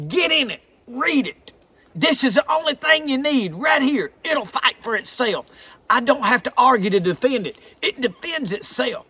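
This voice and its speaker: A man's voice: very high voice, expressive, measured pace, sharp tone, slightly rough, dry recording. A man with a thick Southern drawl preaching a folksy, earnest sermon. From American South.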